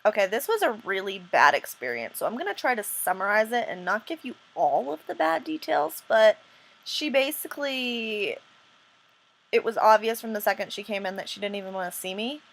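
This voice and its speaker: A woman's voice: medium pitch, lively intonation, moderate pace, vocal fry, low-quality recording. A woman vlogger telling a personal story in a casual, rambling way, full of restarts and "um"s, earnest and indignant. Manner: rambling, self-interrupting retelling with frequent "um".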